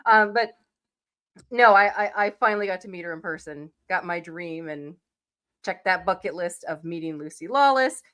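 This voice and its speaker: A woman in her forties, sick and hoarse, chatting casually as co-host of a reaction show, swearing freely and laughing often. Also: on the low side, expressive, normal speed, fairly bright tone. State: sick, losing her voice, coughing.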